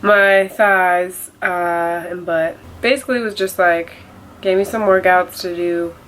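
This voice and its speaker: A woman's voice: lowish voice, steady tone, measured pace, fairly bright tone, slight background noise, rough recording. A young woman vlogging about a setback in a casual, rambling way, with a nasal voice and lots of filler words. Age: young adult. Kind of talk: casual confessional vlog.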